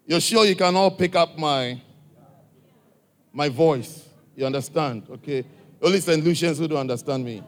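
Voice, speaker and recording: Here a man with an African accent talks at normal speed, his voice on the high side. Addressing a church gathering, he directly and coaxingly puts many questions to his listeners.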